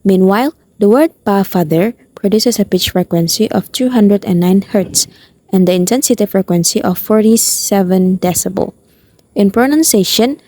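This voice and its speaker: A young woman from Indonesia, a university student, narrating a prepared phonetics explanation in a careful, even reading voice. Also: mid-range voice, dry recording. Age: young adult. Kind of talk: scripted narration.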